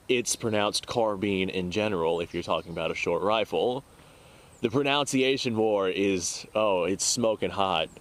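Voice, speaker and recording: A man talking casually to camera as the host of a firearms channel, rambling and exasperated, with frequent chuckles. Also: on the low side. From United States.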